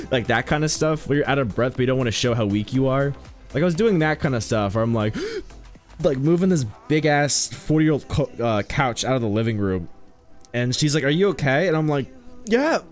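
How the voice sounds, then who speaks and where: A man's voice: mid-range voice, brisk, faint music behind. A young man chatting casually while streaming a game, joking, rambling and telling stories to his chat. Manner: joking, rambling, animated storytelling.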